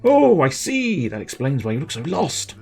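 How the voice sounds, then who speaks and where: A man's voice: a little high, wildly swooping pitch, moderate pace, creaky, breathy edge, soft background music, pitched above the performer's own voice, exaggerated voice. A man doing a fed-up clerk with a put-on Irish accent. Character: fed-up male former town clerk fleeing his life.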